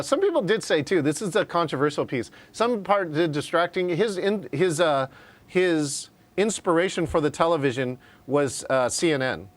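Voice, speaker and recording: A man teaching a live online class on virtual meetings, talking conversationally and often checking in with "right?". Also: fairly high pitch. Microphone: video call.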